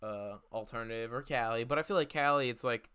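Smooth-voiced laid-back male host. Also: medium pitch, pushed and bright. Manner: laid-back, slangy, quick to laugh. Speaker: podcast host. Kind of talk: casual interview chat.

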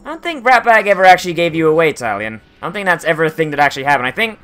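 A man's voice: fairly high pitch, big pitch swings, very fast, fairly bright tone, clear, resonant tone. A man commentating his gameplay with profane, joking banter. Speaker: gameplay streamer. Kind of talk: let's play commentary.

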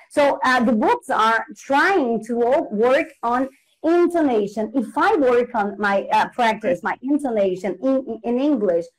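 Brief: female English teacher, explanatory, slightly high voice, livestream guest. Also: lively intonation, measured pace, breathy edge, low-quality recording. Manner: explanatory, repeats example phrases, restarts. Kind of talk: casual livestream chat explaining intonation.

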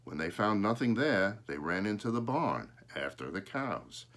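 A man reading a children's picture book aloud, expressive and showing the pictures. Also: lowish voice, measured pace. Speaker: storyteller.

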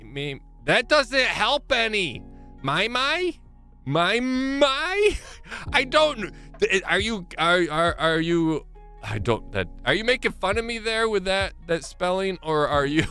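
A man's voice: mid-range voice, fairly bright tone. A man with a Michigan accent chatting casually on a live stream from his small home gaming room, rambling and poking fun at himself as he greets viewers by name. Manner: rambling, self-mocking, greets chat by name.

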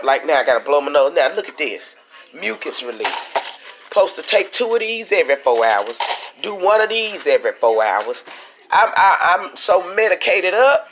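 A woman's voice: deep voice, fairly bright tone, slight background noise. Sick, congested woman venting to viewers. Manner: complaining, talkative, addresses viewers as y'all. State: out of breath. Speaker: vlogger. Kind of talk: casual video diary.

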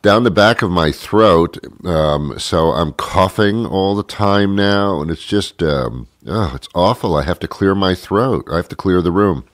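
A man's voice: deep voice, measured pace, few pauses, no echo, studio quality. A man hosting a radio show, talking in a rambling, jokey monologue while congested with a cold.

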